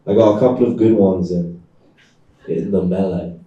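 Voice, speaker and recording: A man, the author, reading his novel aloud in a deadpan, measured way at a live event. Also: sits low, lo-fi sound. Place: event space in London. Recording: echoey room, far from mic.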